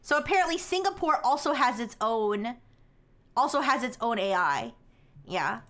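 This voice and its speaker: High-voiced rambling woman streamer. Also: very animated, moderate pace, a bit bright. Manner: rambling, heavy filler words, frequent laughter. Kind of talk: casual live-stream chat.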